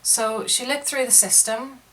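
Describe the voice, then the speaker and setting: A woman's voice: fairly high pitch, measured pace, rough recording. A woman vlogging a casual, frustrated rant, recounting events and acting out the back-and-forth in her own voice. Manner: frustrated, retelling events with lively quoted dialogue. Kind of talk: casual ranting monologue.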